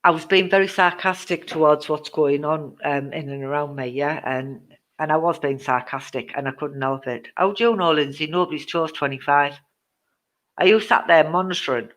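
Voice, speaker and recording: A woman's voice: deep voice, a bit bright. A woman hosting a live-stream card reading, chatty and teasing her viewers, with many ums. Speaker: psychic card reader.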